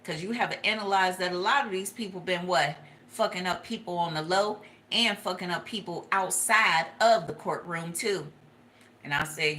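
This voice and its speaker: A woman's voice: fairly low pitch, normal speed, a bit bright, slight background noise. A woman giving a casual, profane tarot reading who laughs often and talks animatedly. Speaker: tarot reader.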